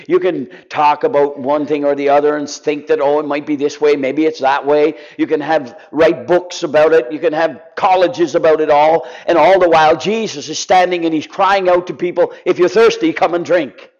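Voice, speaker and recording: A man preaching a sermon with passion, sometimes sinking to a soft, pleading voice. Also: fairly high pitch, steady tone, normal speed, hardly any pauses. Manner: impassioned, drops to soft pleading. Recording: dull lo-fi sound.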